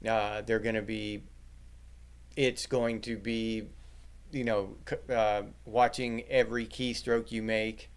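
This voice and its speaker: A man's voice: fairly low pitch, little pitch movement, takes it slowly, clean tone. A middle-aged man hosting a livestream, chatting casually with his viewers and joking crudely with plenty of swearing. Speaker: livestream host reading chat.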